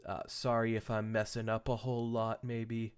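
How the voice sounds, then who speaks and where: A man's voice: on the low side, completely flat delivery, normal speed, smooth. A man hosting a podcast, reading fan fiction aloud with casual joking asides, stumbling and correcting himself as he goes. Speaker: podcast host.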